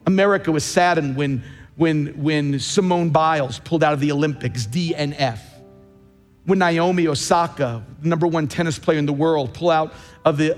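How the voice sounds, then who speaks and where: Emphatic middle-aged male pastor, fairly high voice, sermon in a reverberant sanctuary with faint music. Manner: emphatic, rising and slowing for key phrases. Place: large church sanctuary.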